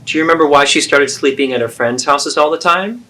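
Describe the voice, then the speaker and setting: A man's voice: a little high, a little fast, a bit bright, close to an everyday voice. A man playing an adult daughter who earnestly and persistently confronts her mother in a therapeutic role-play.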